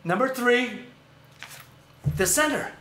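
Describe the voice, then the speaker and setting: A man hosting a casual livestream, ranting animatedly and sometimes shouting. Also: very high voice, animated, slow, echoey room, crowd noise. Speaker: show host. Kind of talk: casual livestream rant and chat.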